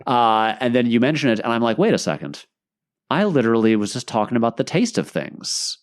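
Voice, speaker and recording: A man chatting casually as a podcast guest over a video call, telling stories in an animated way. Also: mid-range voice, a little fast. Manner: animated, lively storytelling. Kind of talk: casual chat.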